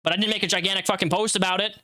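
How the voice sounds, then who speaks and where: A man hosting a livestream and reacting out loud to a social media post, blunt and profane as he lectures the person behind it. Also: high voice, fairly even intonation, rapid-fire. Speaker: livestream host.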